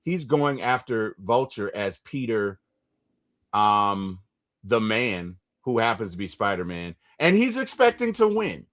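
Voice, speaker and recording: A man hosting a casual movie recap chat, retelling scenes with lively bursts and quick impressions. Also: fairly low pitch. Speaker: movie review podcast host.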